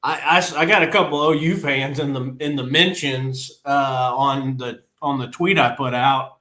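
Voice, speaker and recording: A man's voice: mid-range voice, moderate pace, bright, forceful tone, reverberant. A man co-hosting a podcast in casual sports chat, blunt and frustrated, laughing often. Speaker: podcast co-host.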